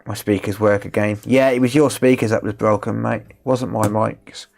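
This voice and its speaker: A man's voice: lowish voice, steady tone, moderate pace, gravelly, a little mellow. Black Country man chatting at his repair bench. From England, West Midlands (Dudley). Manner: chatty and joking, answers viewers' chat. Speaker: electronics repair streamer. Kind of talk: casual live-stream commentary while repairing. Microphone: rechargeable wireless microphones.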